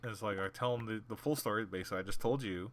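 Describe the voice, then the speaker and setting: A man's voice: on the low side, very fast, slight background noise. A man hosting a gaming channel, telling a story casually while he plays, acting out the people in it with blunt sarcasm. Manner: animated, acts out the people in his story.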